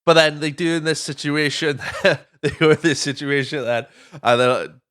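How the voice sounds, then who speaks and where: A man's voice: a little high, moderate pace, a bit bright, smooth. A Welsh man hosting a podcast, chatting casually through a movie recap, swearing freely and drifting off on tangents. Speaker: podcast host.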